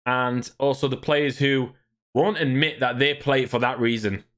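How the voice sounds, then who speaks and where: A man's voice: medium pitch, fairly even intonation, normal speed, fairly bright tone. A man ranting angrily and swearing while streaming, talking to his chat. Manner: profane, ranting, irritated. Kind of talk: angry gaming rant on livestream.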